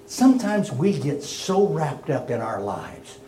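A man telling a folksy personal story, with gentle chuckles and hushed tender moments. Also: a little high, big pitch swings, measured pace, echoey room, a little hiss or hum. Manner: folksy and warm, drops to a hush for tender moments. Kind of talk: personal anecdote told to listeners.

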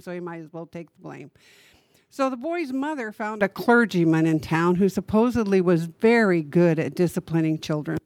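A woman's voice: fairly low pitch, darkish tone, no echo. Woman minister giving a conversational sermon. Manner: conversational, asks the congregation rhetorical questions. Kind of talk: sermon with storytelling.

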